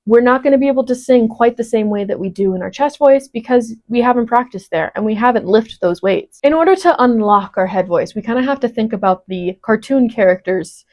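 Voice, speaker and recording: Woman, 20s, voice teacher; encouraging, step-by-step online lesson, slightly high voice. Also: brisk, few pauses, darkish tone. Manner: encouraging, explains step by step with frequent "right?" check-ins.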